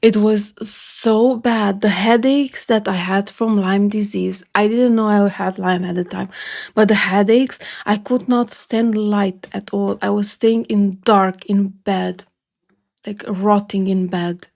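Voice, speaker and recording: A woman from Romania gives casual reaction commentary. Her voice sits at a middling pitch with a gravelly rasp. She speaks earnestly and emotionally, and she often repeats a phrase to stress it. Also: fairly even intonation, slow, a little mellow. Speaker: music reaction video host.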